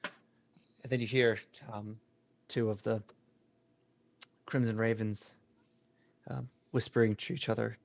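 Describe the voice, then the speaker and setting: A man narrating a tabletop game as game master, setting scenes in a relaxed way. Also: lowish voice, takes it slowly, gravelly, long pauses, dry recording.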